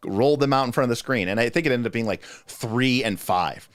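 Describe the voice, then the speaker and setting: A man's voice: medium pitch, lively intonation, fast talker, hardly any pauses, no room sound, clean studio sound, faint music behind. A man hosting a livestream, talking casually in a rambling, chatty way that often breaks off mid-thought. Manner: rambling, chatty, self-interrupting. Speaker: host answering game master questions.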